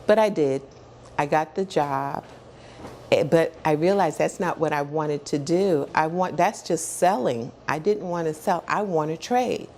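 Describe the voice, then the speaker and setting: A woman in her sixties with a low, gravelly voice tells her story as an interview guest. She talks with animated energy, slips into the voices of people she quotes and laughs often. A faint hum of room noise sits underneath. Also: a little slow. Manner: animated storyteller who acts out quoted dialogue and repeats words as she builds up.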